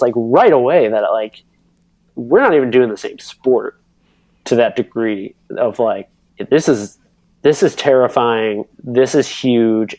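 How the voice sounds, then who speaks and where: A man in his thirties telling a racing story on a podcast, rambling and animated with lots of fillers and acted-out quotes. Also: mid-range voice, no room sound. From United States. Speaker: podcast guest, pro cyclocross racer. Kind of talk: casual storytelling.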